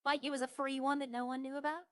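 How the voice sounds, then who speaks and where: A woman's voice: high-pitched, flat delivery, fast talker, dry recording, studio quality. A young woman streaming a roleplay game, chatting casually to herself as she browses and lists things she sees. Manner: muses aloud, listing items as she browses.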